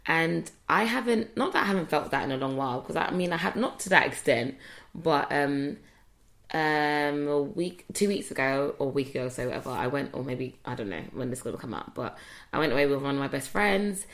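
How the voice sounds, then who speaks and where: A woman's voice: deep voice, fairly bright tone. A young woman, co-hosting a podcast in casual, chatty talk full of fillers and restarts. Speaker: podcast co-host. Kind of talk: casual chat.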